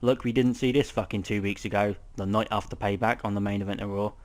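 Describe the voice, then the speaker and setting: Young man, slightly low voice, casual rambling reviewer, cusses a lot, frequent ums. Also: fairly even intonation, fast. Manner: rambling, swears often, many ums. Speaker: wrestling show reviewer.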